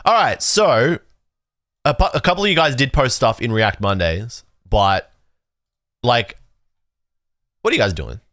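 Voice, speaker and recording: A man runs his livestream in a loose, rambling chat, getting excitable and swearing freely. His pitch swings widely from line to line. The sound is dry and close, with no room around it. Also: a little slow, pauses often, no room sound. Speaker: livestream host. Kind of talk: casual chat reacting to chat.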